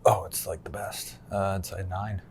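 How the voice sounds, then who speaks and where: A laid-back man from the United States chatting as a guest, his voice low and gravelly with a touch of fry. He talks loosely, swears offhandedly and laughs easily, with a faint hiss of room noise behind him. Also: level tone, moderate pace, darkish tone. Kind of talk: casual chat.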